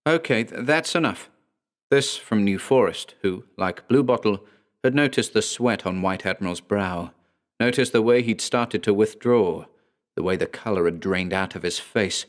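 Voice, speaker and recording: A man narrating a horror story in a measured, dramatic storytelling manner. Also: lowish voice.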